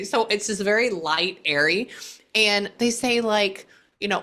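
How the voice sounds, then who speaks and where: A woman psychic medium giving a casual reading, halting often to listen before going on. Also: medium pitch, bright, forceful tone, slight background noise.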